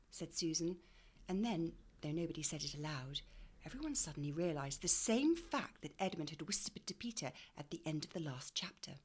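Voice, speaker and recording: A woman teacher reading a storybook aloud to children in a gentle, questioning way, often dropping to a breathy whisper. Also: low voice, animated, normal speed. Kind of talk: storybook read-aloud lesson.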